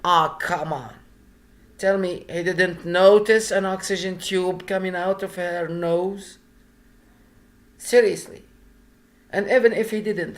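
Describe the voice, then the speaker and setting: A man's voice: sits high, creaky. A man giving frank, conversational commentary while reviewing a screenplay. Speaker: script reviewer. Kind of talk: casual commentary.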